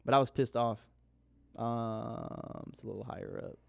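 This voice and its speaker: A man's voice: mid-range voice, fairly even intonation, moderate pace, gravelly, no echo, clean studio sound. Candid, rambling young man recapping trades. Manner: candid, rambling, swears casually. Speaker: forex trader vlogger. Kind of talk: casual screen-share recap.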